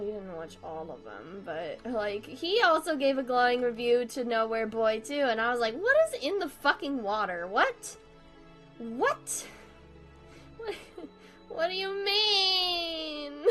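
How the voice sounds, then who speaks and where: A woman's voice: on the high side, fairly bright tone. A young woman chatting casually on a live stream while drawing, swearing freely and laughing through her sentences. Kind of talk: casual livestream chat.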